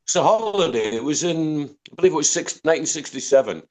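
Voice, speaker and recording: A man's voice: on the high side, animated, fast talker, a little mellow. An older man with a Scottish accent, a podcast guest telling long anecdotes with many restarts. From Scotland, Dundee. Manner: rambling storyteller, repeats words and restarts. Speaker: guest musician. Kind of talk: podcast interview.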